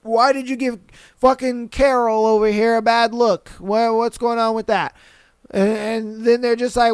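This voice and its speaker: A man's voice: very high-pitched, unhurried, clear, resonant tone, dry recording. A young man hosting a podcast, ranting bluntly with lots of swearing and putting on voices to mock people. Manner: blunt, profane, animated. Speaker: podcast host. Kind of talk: casual ranting commentary.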